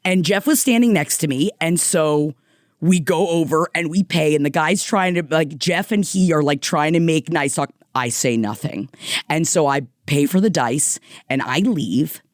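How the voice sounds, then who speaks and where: A woman co-hosting a podcast, telling an animated, profane story in casual chat. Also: low-pitched, normal speed, no room sound, clean studio sound. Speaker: podcast co-host.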